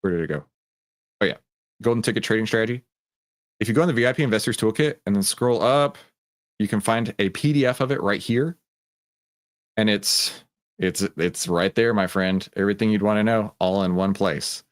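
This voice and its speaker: A man's voice: on the low side, brisk, pauses often, no echo, studio quality. A middle-aged man with a Texan accent hosts a livestreamed trading room, talking casually with lots of fillers. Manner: casual and chatty, many fillers.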